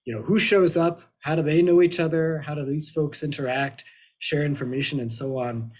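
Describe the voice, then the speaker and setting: A man presenting research in a webinar, slightly hoarse from allergies, hesitant with many fillers and restarts. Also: fairly high pitch, fairly even intonation, normal speed, a little mellow. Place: at home in Ohio.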